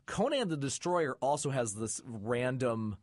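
A mid-pitched man hosts a casual film chat, eager and joking. He rushes ahead and restarts his sentences. The sound is dry and close to the mic. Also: big pitch swings, dry recording. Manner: quick, jokey, eager, restarts. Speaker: host.

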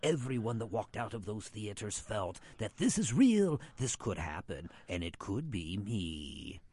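A man's voice: on the low side, very animated, unhurried, a little mellow, slightly rough, dry recording, exaggerated voice. A man playing a macabre horror show host, dramatic and spooky in delivery. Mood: ominous. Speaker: guest.

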